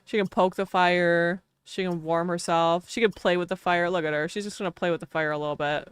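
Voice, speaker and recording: A woman's voice: on the low side, steady tone, fairly quick, clean tone, dry recording. A woman with a Wisconsin accent chatting casually on a live game stream, laughing often and talking to her chat. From Wisconsin, US Midwest.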